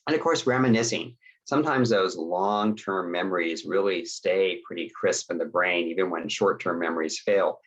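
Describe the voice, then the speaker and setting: A deep, husky-voiced middle-aged man gives an instructional webinar talk. He speaks conversationally and keeps checking in with his listeners. The audio is dull and lo-fi. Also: moderate pace. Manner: conversational, checks in with "okay?" and acts out sample dialogues. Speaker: webinar presenter.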